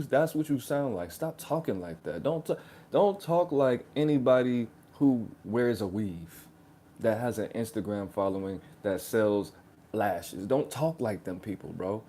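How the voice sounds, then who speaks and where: A man with a warm, dark voice holds forth in reaction-video commentary. He rants in loose street slang, sarcastic and mocking, throwing "bro" into almost every sentence. His pitch sits in the middle of the male range. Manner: slangy, ranting, keeps saying "bro". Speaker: reaction channel host.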